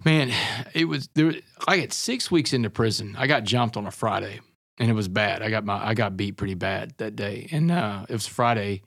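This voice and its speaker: A man's voice: fairly low pitch, normal speed, gravelly, a bit bright, no room sound, clean studio sound. A man guest on an interview podcast, telling his story in an earnest, intense way and often calling the listener "man" and "brother".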